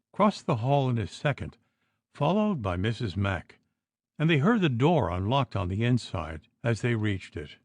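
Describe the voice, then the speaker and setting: A man narrating an audiobook in expressive, unhurried storytelling. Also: medium pitch, no echo. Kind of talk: scripted narration.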